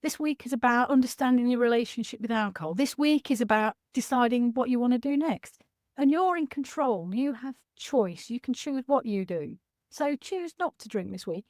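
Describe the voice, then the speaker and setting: A woman in her sixties with a fairly high voice, speaking over a video call in a chatty, frank and animated way. The sound is dry and close, with no room around her. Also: no echo. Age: 60s. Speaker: sobriety coach speaker. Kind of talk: casual talk on a video call.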